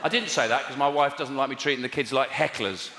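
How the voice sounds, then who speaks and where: A man's voice: medium pitch, fast, very noisy. Wry man doing stand-up in a hall. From England. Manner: wry, exasperated, swings up into mock outrage. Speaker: stand-up comedian. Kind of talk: stand-up routine. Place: large theatre stage with live audience. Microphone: stage mic. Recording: echoey hall with loud audience laughter.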